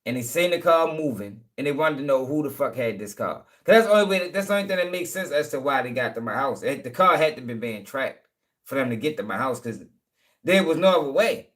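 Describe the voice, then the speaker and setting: A man's voice: mid-range voice, lively intonation, fast talker, a bit bright. Profane man telling a story. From Baltimore, USA. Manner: profane, rambling, with repeated check-ins to listeners. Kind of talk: casual storytelling.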